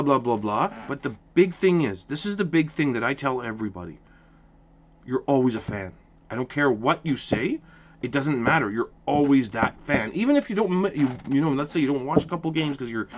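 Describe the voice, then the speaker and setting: Male vlog host from Ottawa, heated rant, swooping pitch, slightly muffled audio. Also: a little hiss or hum. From Ottawa, Canada. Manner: passionate, repetitive restarts, animated. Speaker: hockey channel host. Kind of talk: casual opinion rant to camera.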